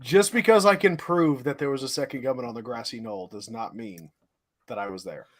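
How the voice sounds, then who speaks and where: A man's voice: medium pitch, fairly quick. A man co-hosting a podcast in casual chat, dropping dry jokes and short asides. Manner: dry, joking interjections. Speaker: podcast co-host.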